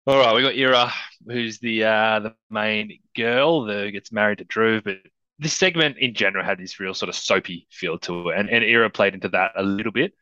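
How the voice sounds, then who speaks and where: A man co-hosting a casual film podcast, talking in an animated way and acting out bits of dialogue. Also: on the low side, normal speed, dry recording, muffled recording. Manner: animated, acts out quoted dialogue. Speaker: podcast co-host.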